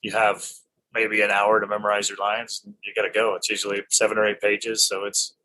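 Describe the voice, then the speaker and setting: A middle-aged male actor being interviewed, telling lively anecdotes in casual chat and laughing often. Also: on the low side, fairly quick, slight background noise, rough recording.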